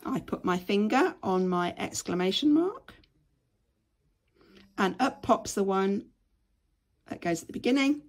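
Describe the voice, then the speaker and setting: A woman's voice: medium pitch, animated, unhurried, creaky, pauses often. A woman, teaching patiently and step by step in a screen-share tutorial. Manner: patient, step-by-step, frequent "okay".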